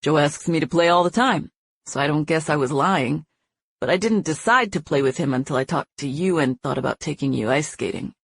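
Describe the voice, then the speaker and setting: Woman voicing a quietly assured young man. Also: low-pitched, a little fast, creaky, husky, dry recording, heavily acted. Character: easygoing confident young man. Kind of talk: audiobook character voice.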